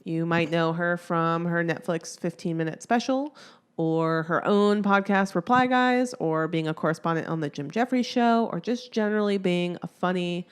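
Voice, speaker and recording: Upbeat female podcast co-host, lowish voice. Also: clear, resonant tone. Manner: upbeat, laughs often, quick asides. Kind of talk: casual chat.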